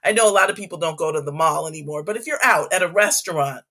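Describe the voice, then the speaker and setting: A woman's voice: deep voice, quick pace. A middle-aged woman talks as an interview guest and tells stories from her years in schools. She keeps checking in with "right?" and briefly acts out the people in her stories. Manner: animated, frequent "right?" tags, acts out quoted voices. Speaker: guest, former school superintendent. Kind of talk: casual interview storytelling.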